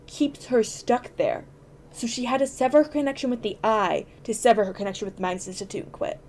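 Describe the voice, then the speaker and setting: A woman's voice: on the high side, a little mellow. A woman hosting a podcast, chatting casually and explaining at length with enthusiasm and plenty of fillers. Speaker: podcast host.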